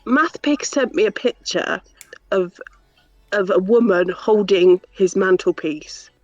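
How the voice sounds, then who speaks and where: A woman's voice: mid-range voice, slow pace, a little mellow, no room sound, dull audio, faint music behind. A woman telling a teasing story in a casual streamed group chat.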